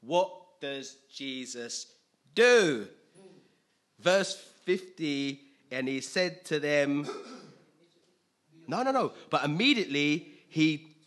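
A man preaching a sermon in an animated way, acting out scenes with sudden loud outbursts. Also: a little high, takes it slowly, pauses often.

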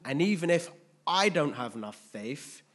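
A man's voice: a little high, big pitch swings, normal speed, a bit bright. A man preaching a conversational sermon, often checking in with his listeners.

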